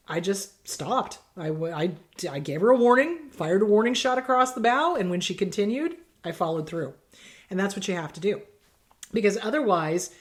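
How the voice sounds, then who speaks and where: A middle-aged woman therapist giving blunt, emphatic advice in casual talk, acting out quoted exchanges. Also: mid-range voice. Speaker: therapist host answering viewer questions.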